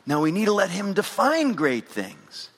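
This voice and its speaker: High-voiced pastor preaching in a reverberant hall. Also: male voice, huge pitch swings, a little slow. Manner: engaging, questions the congregation directly. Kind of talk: sermon. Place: church sanctuary with congregation. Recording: long reverb of a large hall.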